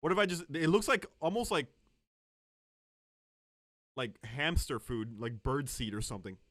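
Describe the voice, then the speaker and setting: A man's voice: medium pitch, moderate pace, no echo, studio quality. A man streaming live, chatting casually and joking with his chat. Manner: joking, animated, talks to chat.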